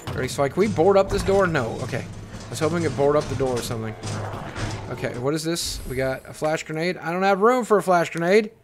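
A young gaming video host plays through a horror game in let's play commentary, jumpy and panicky, swearing and repeating himself over and over. His voice is fairly high, fast, with lively intonation.

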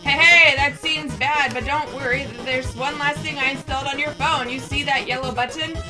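A woman's voice: high-pitched, steady tone, normal speed, over music, close to an everyday voice. A woman reading an eager nerdy lizard scientist. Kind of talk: reading game dialogue aloud.

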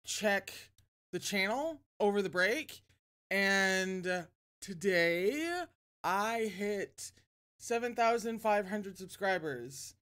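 Woman host, slow unhurried talk, chatty and self-deprecating, reads a novel on stream. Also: mid-range voice, animated, fairly bright tone, clear, resonant tone. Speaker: channel host reading a novel aloud. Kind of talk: casual livestream reading.

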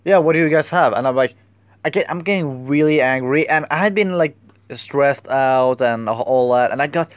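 A young man tells a story in a casual vlog, rambling and halting as he searches for his words. His voice is smooth and clear, and the recording sounds dry and close, with no room echo. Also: medium pitch. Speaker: vlogger.

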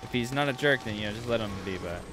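A man streaming a video game, reacting excitedly to the action and chatting casually with his viewers. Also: medium pitch, fast talker, background noise. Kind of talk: casual livestream commentary.

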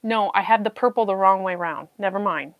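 A woman's voice: mid-range voice, fairly quick, lo-fi sound. A woman hosting a casual live-stream puzzle chat, talking to herself as she searches and laughing often. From New Zealand. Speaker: puzzle channel host.

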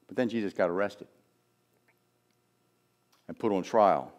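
A man preaching a sermon as pastor, telling a Bible story with emphatic, animated delivery. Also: deep voice, a little slow, pauses often.

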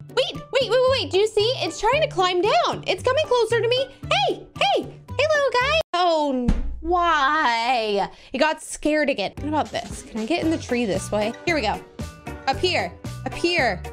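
A young woman hosting a gaming video, giving bubbly, gushing commentary as she plays and talking sweetly to the animals on screen. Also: high voice. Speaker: gaming channel host. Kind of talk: playing a video game with live commentary. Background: background music.

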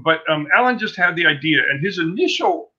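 Bright-voiced older man rambling through anecdotes. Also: on the high side, brisk. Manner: rambling, self-interrupting, animated anecdotes. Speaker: comic book artist guest. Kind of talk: casual interview storytelling. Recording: dull lo-fi sound.

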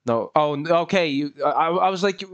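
A man's voice: a little high, lively intonation, a little fast, clear, resonant tone, muffled recording. A young man giving casual, self-mocking commentary while playing a video game, laughing often. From Australia. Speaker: gaming youtuber. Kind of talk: casual let's-play commentary.

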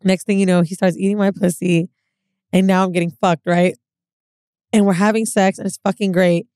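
A woman's voice: medium pitch, normal speed, clear, resonant tone, no echo. A young woman co-hosting a podcast, telling a candid story in casual chat and acting out what people said. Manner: candid, animated storyteller who acts out quotes. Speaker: podcast co-host.

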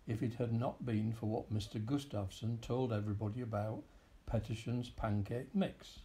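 Male storyteller, gravelly, dark tone, lively children's story read-aloud. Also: medium pitch. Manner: expressive, animated storytelling.

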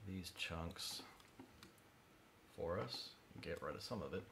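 Male streamer, very low voice, muttering narration at the desk, faint room noise behind. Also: expressive, takes it slowly, gravelly. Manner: mumbly, drifts quiet when concentrating. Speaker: livestreaming maker doing CAD design. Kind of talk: thinking-aloud livestream narration.

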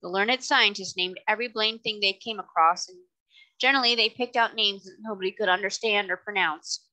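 Woman doing a plain-talking old sea captain from a storybook, bright voice. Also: medium pitch, fairly quick, natural voice, poor audio. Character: grizzled old seafaring man.

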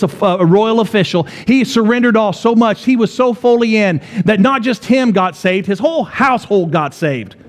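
A man in his forties preaches a storytelling sermon, his voice sitting unusually high for a man. He builds the story with repeated phrases and keeps turning to the congregation with rhetorical questions. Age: 40s. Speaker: pastor. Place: church.

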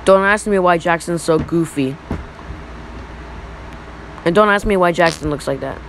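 Excitable high-voiced young guy rambling. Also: unhurried, slight background noise, rough recording. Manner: rambling, excitable, repeats "look". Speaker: YouTuber. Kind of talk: casual reaction commentary.

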